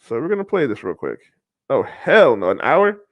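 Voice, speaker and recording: A man's voice: mid-range voice, very animated, moderate pace, lo-fi sound. A man hosting a reaction commentary, blunt and mocking, often laughing at what he reads. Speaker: podcast host.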